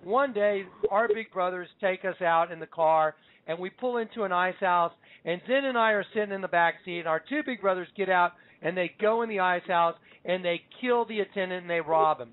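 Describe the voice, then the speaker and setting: Man, host, Bible teaching, emphatic storyteller, high voice, tinny phone-line sound. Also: fairly quick. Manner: storytelling, emphatic, acts out quotes. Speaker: show host. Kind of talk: Bible teaching on a call-in show.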